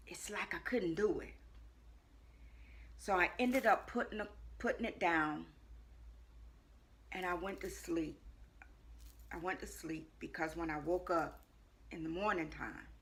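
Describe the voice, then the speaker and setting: A woman with a low, gravelly voice that still cuts through sharp and bright. She tells her personal testimony with earnest repetition and swings between hushed lines and loud ones. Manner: earnest storytelling with frequent repetition. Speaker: life coach.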